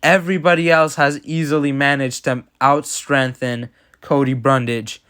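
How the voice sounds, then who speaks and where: A man talks through fight results in casual reaction commentary. He is blunt and opinionated and waves off ideas he rejects. His voice is smooth and clear, at an ordinary middle pitch. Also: flat delivery, moderate pace, a bit bright. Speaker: MMA commentator.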